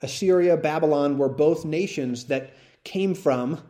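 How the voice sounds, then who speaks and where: A man's voice: on the high side, measured pace, warm tone. Conversational male Bible teacher. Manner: conversational, checks in with "right?" and "all right?". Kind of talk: expository Bible teaching to a live audience.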